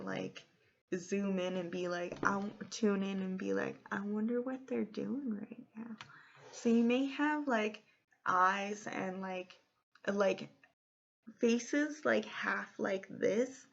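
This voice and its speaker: A woman in her thirties talks her way through a casual tarot reading, drifting chattily from idea to idea. Her delivery is unhurried and gravelly with vocal fry. The recording sounds a little dull and lo-fi. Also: mid-range voice. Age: 30s. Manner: meandering, chatty, free-associating. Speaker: tarot card reader. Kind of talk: casual pick-a-card reading.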